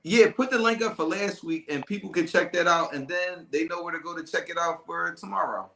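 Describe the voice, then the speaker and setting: A man hosting a casual podcast chat, animated and loose with slang, often laughing. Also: fairly high pitch, a little fast, vocal fry, roomy sound, rough recording. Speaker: podcast host.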